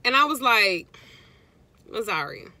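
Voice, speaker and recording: Chatty middle-aged woman with a bright voice. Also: fairly high pitch, expressive, unhurried. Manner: chatty, rambling, greets live viewers mid-story. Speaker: vlogger. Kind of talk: casual storytelling to viewers.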